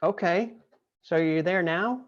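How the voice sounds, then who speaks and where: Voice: mid-range voice, slow pace, dull audio. A podcast host interviewing a guest in casual chat, enthusiastic and chatty, often repeating phrases.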